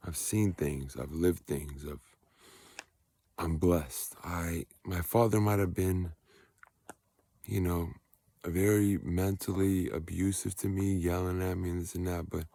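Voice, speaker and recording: Walking outdoors at night and talking into his phone, a male vlogger delivers a rambling, preachy monologue that grows heated and emphatic. His voice sits low with vocal fry and a dark tone, recorded with no echo, and faint outdoor noise surrounds him.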